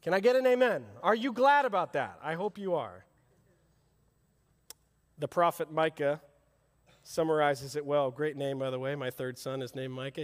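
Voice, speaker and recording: A middle-aged man preaching a sermon as pastor, swinging from loud rousing calls to hushed, intimate asides. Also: fairly high pitch. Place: church service, large hall. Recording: long hall reverb.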